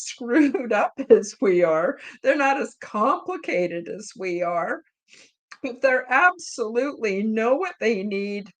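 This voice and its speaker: Rambling, heartfelt woman podcast host. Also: mid-range voice. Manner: rambling and heartfelt, many "you know" fillers; openly emotional. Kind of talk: casual live-chat storytelling.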